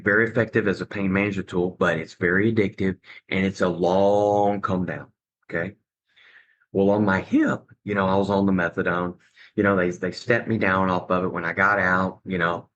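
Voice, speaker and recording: A man's voice: sits low, highs cut off. A middle-aged man as a podcast guest, telling a personal story conversationally and acting out what others said. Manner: animated, acts out other people's lines.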